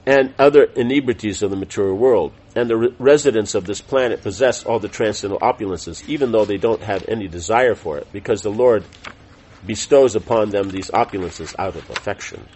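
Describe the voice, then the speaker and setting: Low-voiced man reading a lesson. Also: darkish tone, husky, rough recording. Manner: measured, deliberate reading with small self-corrections. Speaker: teacher of a scripture class. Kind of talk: reading a text aloud with spoken asides.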